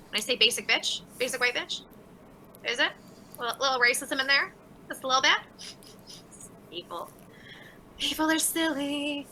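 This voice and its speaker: A woman's voice: high voice, sharp tone, a little hiss or hum, low-quality recording. A woman hosting a casual livestream, reading out viewer chats and answering them by name in a sarcastic, laughing way. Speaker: livestream host.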